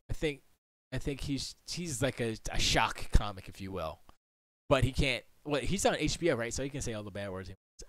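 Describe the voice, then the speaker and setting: A young man rambles and mutters to himself while working on his computer, chatting casually on a livestream from his home studio. His medium-pitched voice has a fairly bright tone and no echo.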